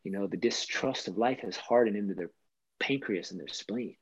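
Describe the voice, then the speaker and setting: A man's voice: on the low side, moderate pace, slightly rough, dry recording, highs cut off. A man speaking as a podcast guest, earnest and spiritual in his talk, now and then swearing. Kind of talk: casual conversation.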